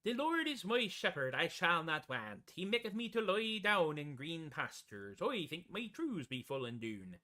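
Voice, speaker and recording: A man's voice: a little high, a little slow, gravelly, hardly any pauses, sharp tone, exaggerated voice. A man playing a hearty old-time pirate who recites in a broad theatrical brogue. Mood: swaggering.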